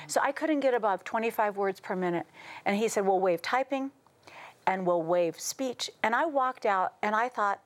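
A middle-aged American woman, a talk show guest, telling stories with lively quoted voices and frequent laughter. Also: a little high, moderate pace. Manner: animated, acts out quotes, laughs often. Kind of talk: casual talk show storytelling.

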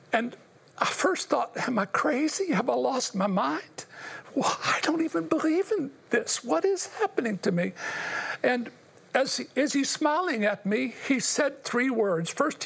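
An older man shares his life story in an earnest, emotional way, speaking straight to the host. His voice sits high for a man and has a rough, husky grain. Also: a bit bright. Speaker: interview guest. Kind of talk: personal testimony.

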